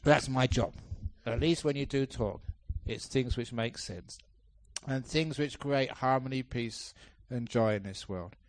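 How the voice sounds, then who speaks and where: A man, a Buddhist monk, giving a dharma talk at a retreat, telling stories with lots of changes in pitch and pace and laughing often. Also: unhurried. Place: temple hall, live talk.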